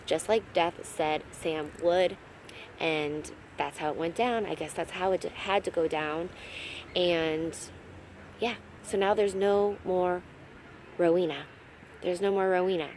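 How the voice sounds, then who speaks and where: A young adult woman hosting a casual fan recap, talking in a chatty, animated way and laughing at her own slips. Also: on the low side, slight background noise.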